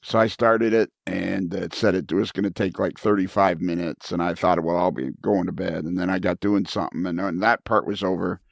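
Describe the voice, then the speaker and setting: A man's voice: low-pitched, fairly even intonation, brisk, vocal fry, hardly any pauses, no echo. A man hosting a podcast, telling a rambling, self-deprecating story in casual chat from a studio. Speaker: podcast host. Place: recording studio.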